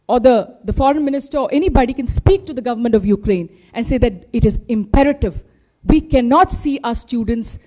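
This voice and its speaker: A woman with an Indian English accent speaks at a press briefing, her voice pitched noticeably high. She presses her points with one pointed rhetorical question after another, speaking as a spokesperson for her party. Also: warm tone. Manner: impassioned, full of rhetorical questions. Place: party headquarters press room.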